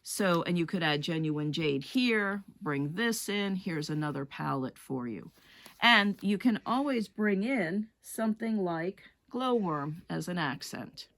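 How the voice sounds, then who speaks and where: A woman's voice: lowish voice, lively intonation, measured pace, a bit bright. A woman teaching a rug hooking lesson, chatting her way through wool colors as she shows them.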